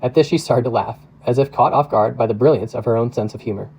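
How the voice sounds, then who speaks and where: Mellow man reading a novel aloud. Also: medium pitch, creaky, slightly rough, low-quality recording. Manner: steady, measured reading. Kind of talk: audiobook narration.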